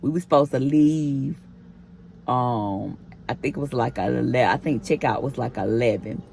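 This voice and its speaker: A woman's voice: rumbling low, moderate pace, creaky, darkish tone, a little hiss or hum. A woman vlogger telling a personal story in a casual storytime, acting out the quoted back-and-forth as she goes. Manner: chatty retelling with acted-out quoted dialogue.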